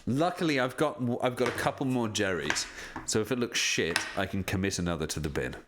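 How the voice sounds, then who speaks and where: A man in casual live-stream chat, his pitch rising and falling in a lively way. He is self-deprecating and swears a lot as he talks into a desk mic, with a faint hiss of noise behind him. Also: brisk. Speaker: voice actor signing prints on a live stream.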